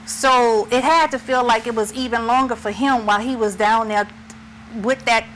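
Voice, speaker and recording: A middle-aged woman co-hosting a talk show, speaking slowly and emphatically with emotion. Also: on the high side, fairly even intonation, a bit bright, slight background noise, poor audio. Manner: slow, emphatic and tearful. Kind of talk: impassioned discussion.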